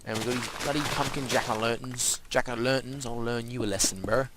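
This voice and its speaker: A man's voice: mid-range voice, steady tone, a little fast, heavy background noise. Playful rambling man gaming. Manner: rambling, playful, talks to game animals and objects. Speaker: gaming channel host. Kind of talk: casual let's-play commentary.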